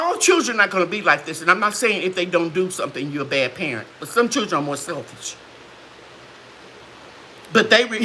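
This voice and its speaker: A woman hosting a casual live chat, her voice bright and sharp. She tells stories with a wide, animated swing in pitch and acts out the people she quotes. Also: slight background noise. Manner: lively, preachy storytelling with acted quotes.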